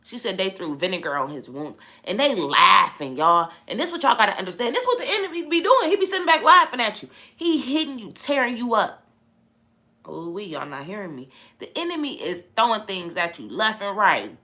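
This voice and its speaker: Lively bright-voiced woman preaching casually. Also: medium pitch, fairly quick. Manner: animated, emphatic, preachy. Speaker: vlogger. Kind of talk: casual faith talk.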